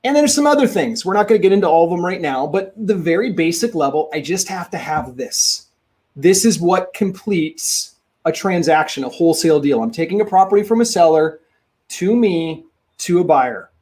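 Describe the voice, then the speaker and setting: A man teaching real estate investing in a webinar, talking in an emphatic, energetic way and repeating his key points. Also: sits high, moderate pace. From Minnesota.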